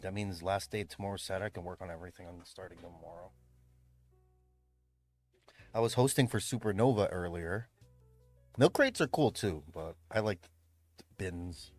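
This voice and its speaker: A livestreamer who also hosts events rambles casually from his room at home, laughing and swearing often. His voice is low-pitched and a little mellow, picked up by a streaming mic.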